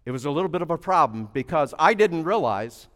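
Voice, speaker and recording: A man preaching a sermon, telling a story and then building to loud, emphatic preaching. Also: fairly high pitch, expressive, fairly quick, in a large hall.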